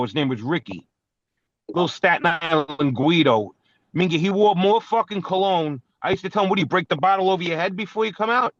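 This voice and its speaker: A man's voice: on the high side, fairly bright tone, no echo. A man with a Brooklyn accent, co-hosting a podcast and telling profane, brash stories full of acted-out quotes. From New York. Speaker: podcast co-host. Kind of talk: casual storytelling chat. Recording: dull, dry lo-fi recording.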